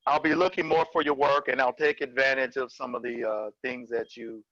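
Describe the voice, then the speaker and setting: Halting man over a dull lo-fi line. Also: mid-range voice, fairly even intonation, no room sound. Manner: warm praising, halting with fillers. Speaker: case manager. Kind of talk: casual webinar chat. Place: video call. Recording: dry, dull lo-fi sound.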